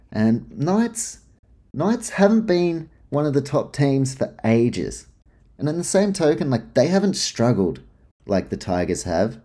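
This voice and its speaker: A man's voice: mid-range voice, dark tone. A man hosting a casual sports talk show, blunt and frustrated, swearing freely as he gives his opinions on the teams. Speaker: sports podcast host.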